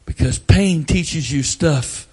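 An older man preaching a sermon, telling folksy family stories and breaking into loud outbursts. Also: a little high, slow, slightly rough. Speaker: pastor.

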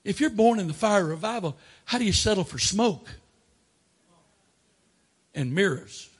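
A man preaching a sermon, swinging between loud emphatic declarations and quiet asides. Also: high voice, animated, moderate pace, breathy edge.

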